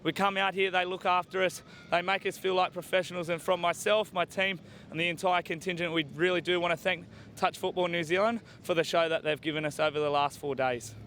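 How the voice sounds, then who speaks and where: Male captain, slightly high voice, easygoing, faint outdoor rumble. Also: a little fast. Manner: relaxed, friendly, says mate often. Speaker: team captain. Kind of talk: post-match interview.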